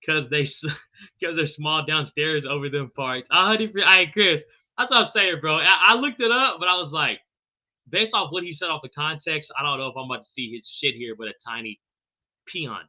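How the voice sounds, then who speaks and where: A man hosting a live stream with a sharp, piercing brightness in his voice, pitched a little high for a man. He talks loose and profane, calling everyone bro and brother and stumbling over names. The audio comes through dull and lo-fi. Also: normal speed. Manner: fumbles unfamiliar names. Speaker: podcast host. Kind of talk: live podcast chat with viewers.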